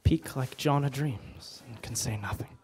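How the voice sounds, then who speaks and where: A man performing a brooding, self-reproaching young prince as a stage soliloquy at a bookstore open mic, swinging between hushed lines and loud outbursts. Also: mid-range voice, unhurried, close to an everyday voice.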